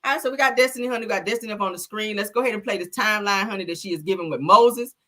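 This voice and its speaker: A woman's voice: mid-range voice, rapid-fire. A woman hosting a live stream, chatting casually and sassily with viewers, full of slang and laughter. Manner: sassy, animated, slangy, laughs often. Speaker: live-stream gossip host. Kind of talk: casual chat reacting to viewer comments.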